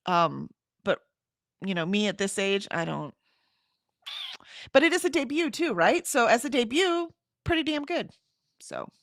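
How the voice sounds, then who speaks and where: A woman's voice: a little high, very animated, a little slow, gravelly, long pauses, a bit bright, no echo, studio quality. A middle-aged woman from Houston, chatting casually on a livestream, rambling and laughing as she reads out comments. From Houston, Texas. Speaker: livestream host. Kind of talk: casual chat reading comments.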